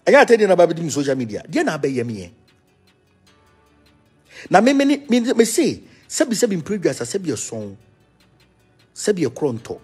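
A Ghanaian man leads a spiritual movement and talks casually to his followers, teasing them as he goes. His voice sits fairly high and a little husky. He swings widely up and down in pitch as he mixes Twi and English. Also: moderate pace, faint music behind. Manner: animated, teasing, switching between Twi and English. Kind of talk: casual talk reacting to viewers.

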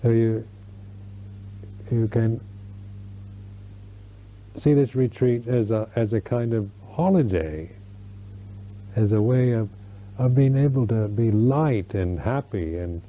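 An older American man, a Buddhist monk, giving a slow Dharma talk at a retreat, searching for words with many restarts. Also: on the low side. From United States. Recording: dull lo-fi 1991 recording.

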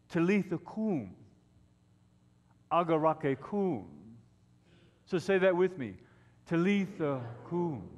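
A man preaching an Easter sermon as a pastor, telling the story dramatically and often dropping to hushed tones. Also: sits high. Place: church sanctuary. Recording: long reverb of a church hall.

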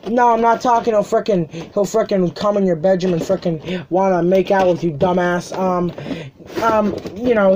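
Casual collector vlogger, rambling and profane, filler-heavy, mid pitch, noisy bedroom recording. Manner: rambling, joking, swears often, then apologizes; many filler ums and restarts. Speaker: toy collector unboxing a figure. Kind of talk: casual unboxing vlog. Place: bedroom at home.

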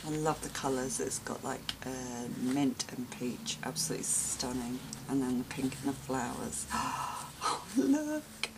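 A woman's voice: a bass voice, level tone, moderate pace, hardly any pauses, noisy background. A woman chatting at home while opening gifts, gushing, gasping and exclaiming often. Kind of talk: casual unboxing chat.

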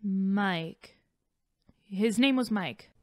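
A woman's voice: medium pitch, drawn-out words. A woman voicing a troubled young woman warrior, earnest and uncertain as she confides. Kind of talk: audiobook voice acting.

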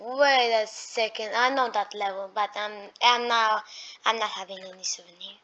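A woman doing excitable let's-play gameplay commentary, talking to the enemies and breaking into sudden shrieks of alarm. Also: medium pitch, moderate pace. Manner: talks to enemies as she plays. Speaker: gaming YouTuber. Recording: dull lo-fi mic.

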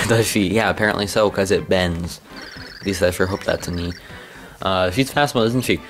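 A goofy man chats his way through a video game, cracking jokes and reading the on-screen text aloud. His voice sits low, and faint game music runs underneath. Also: normal speed, long pauses, a bit bright. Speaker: let's play host. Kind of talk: casual gameplay commentary.

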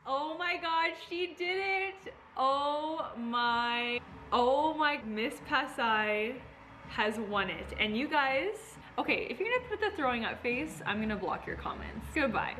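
A woman reacts live to a pageant and talks straight to her viewers, breaking into excited outbursts. Her voice is bright and fairly high. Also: unhurried, a little hiss or hum.

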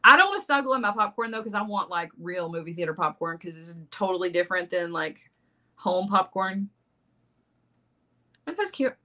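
A woman's voice: mid-range voice, expressive, normal speed, sharp tone. A middle-aged woman hosting a jewelry-making livestream, chatting casually, reading viewer comments and laughing often.

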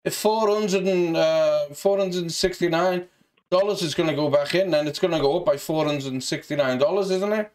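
Scouse man, high-pitched, mouthy and sweary, mock hard man on a prank call. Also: normal speed, a little mellow. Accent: Liverpool (Scouse). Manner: brash, sweary, mock-tough. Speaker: scambaiter.

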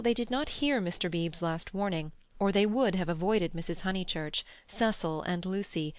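A woman reading a classic novel as an audiobook narrator in a measured, even manner on a close studio microphone. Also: lowish voice, smooth. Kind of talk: scripted narration.

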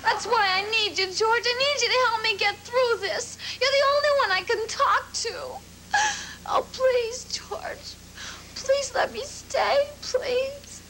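A woman's voice: extremely high pitch, moderate pace, hardly any pauses, pushed and bright, a little hiss or hum, rough recording. An actress playing a former womanizer reborn as a frightened young woman, pleading and tearful by turns with wry jokes, in 1980s sitcom style. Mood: clingy. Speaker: sitcom lead. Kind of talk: 1980s television sitcom acting.

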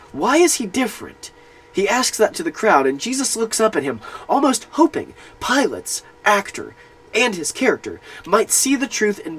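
A man's voice: sits high, husky, rough recording. A man giving an earnest, reflective spoken analysis of a film, retelling its scenes as he interprets them. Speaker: film commentator.

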